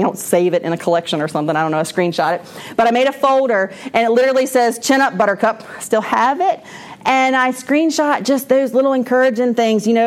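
Candid woman with a higher voice. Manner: candid and rambling, with frequent restarts and laughter. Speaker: speaker at a church moms' class. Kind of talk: personal testimony talk.

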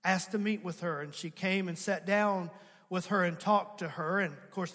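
A man's voice: sits high, a bit bright. A pastor preaching a sermon, building to emphatic calls and repeating his key lines. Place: church sanctuary. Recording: long hall reverb.

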